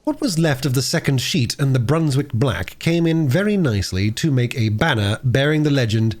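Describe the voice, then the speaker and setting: A man reading an unabridged classic children's book aloud in an expressive narration. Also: medium pitch, moderate pace, few pauses. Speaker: audiobook reader.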